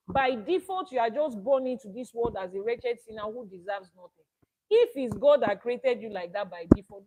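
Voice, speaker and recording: A woman's voice: mid-range voice, darkish tone, low-quality recording. A woman with a Nigerian accent, an Ifá priestess giving a spoken teaching broadcast, arguing through rhetorical questions.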